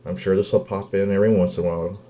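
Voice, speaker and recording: A man's voice: deep voice, level tone, mellow. A man, a father venting in a personal vlog, blunt and swearing, close to tears. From Oklahoma. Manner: blunt, heavy swearing, halting pauses. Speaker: vlogger, father.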